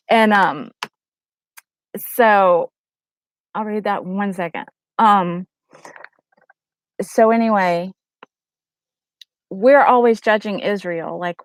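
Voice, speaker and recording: A woman's voice: medium pitch, slow pace, long pauses, dry recording, low-quality recording. A middle-aged woman vlogging casually about her faith, telling a story animatedly and urging her viewers earnestly. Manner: animated storyteller acting out quotes in raised voices. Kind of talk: casual testimony to camera.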